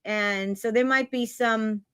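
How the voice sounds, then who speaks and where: Emphatic Boston woman, higher voice. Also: fairly even intonation, slow pace, a bit bright, smooth, no echo, studio quality. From Boston area. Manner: emphatic, exclamatory, upbeat preaching tone. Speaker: tarot reader. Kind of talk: spiritual reading talk to viewers.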